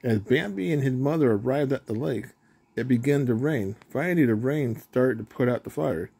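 Guy reading a kids story out loud, slow and easy, trips on a word here and there. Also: mid-range voice, gravelly, breathy edge. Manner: unhurried, with small slips and restarts. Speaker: storybook reader. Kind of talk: reading a children's story aloud.

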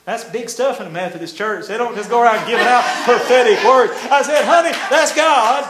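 A man's voice: high voice, fairly quick. An older man, telling a folksy testimony in a sermon. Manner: folksy storytelling with laughs and nonstandard grammar. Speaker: preacher. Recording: echoey room.

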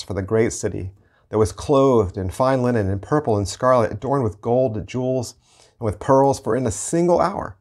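A male pastor leading an online Bible study, reading scripture slowly and then explaining it in a conversational way, often repeating his words. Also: medium pitch, a little mellow.

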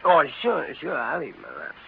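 An actor playing a tipsy, clowning middle-aged uncle in a 1930s radio drama, drawling mock-grand toasts. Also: male voice, on the high side, huge pitch swings, fairly quick, gravelly, exaggerated voice. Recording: dull old radio broadcast, faint hiss.

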